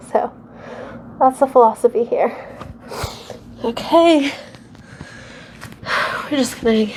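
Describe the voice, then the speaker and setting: A woman with a somewhat high voice leads a casual yoga class at home, slowly calling out poses. She is out of breath and sighs between her cues, chatting in a self-deprecating way. A faint hum sits behind her. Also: darkish tone. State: out of breath and sweaty. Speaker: yoga instructor.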